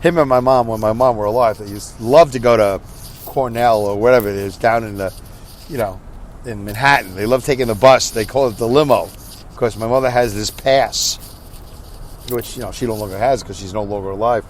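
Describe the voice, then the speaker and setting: A man's voice: lowish voice, brisk, a little hiss or hum. A tired middle-aged man, hosting a podcast and telling a rambling story, acting out both sides of a conversation. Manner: animated, acts out dialogue, rambling and self-interrupting. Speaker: podcast host. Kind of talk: casual storytelling monologue.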